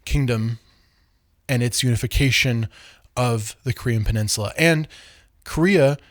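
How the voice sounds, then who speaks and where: A man's voice: medium pitch, unhurried, no room sound, clean studio sound. A man giving a casual, conversational history lecture, repeating points for emphasis.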